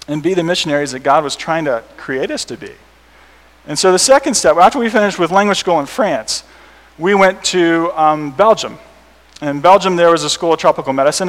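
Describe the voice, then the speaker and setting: American man telling stories in an echoey hall. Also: a little high. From United States. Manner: animated, laughing at his own stories. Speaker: missionary speaker. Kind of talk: storytelling talk to an audience. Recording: reverberant hall.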